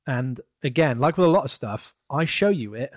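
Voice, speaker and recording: An upbeat man chatting casually on a podcast and joking with his co-host. His pitch is average, and the recording is close and dry. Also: animated, moderate pace, husky, dry recording. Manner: enthusiastic, joking. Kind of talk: casual chat.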